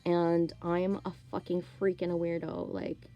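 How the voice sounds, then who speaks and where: A woman's voice: lowish voice, flat delivery, unhurried, dull audio. A woman, talking to camera in a candid, rambling, profane monologue, with faint music behind her. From Canada. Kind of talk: casual monologue.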